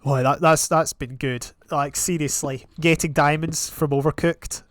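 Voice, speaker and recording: A young man giving casual, rambling commentary on his own gameplay, with sudden excited outbursts. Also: a little high, measured pace, no echo. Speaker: gaming channel host.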